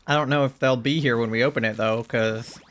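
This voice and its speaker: A man's voice: mid-range voice, fairly even intonation, a little fast, fairly bright tone. A man streaming a game, chatting casually and rambling, with frequent swearing and lots of "like" and "um". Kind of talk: casual chat while gaming.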